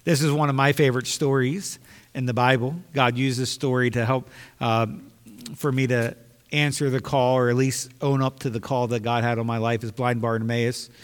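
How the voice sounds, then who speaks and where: A man's voice: mid-range voice, fairly even intonation, moderate pace. A man preaching a sermon with emphasis, repeating phrases to drive his points home. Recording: long hall reverb.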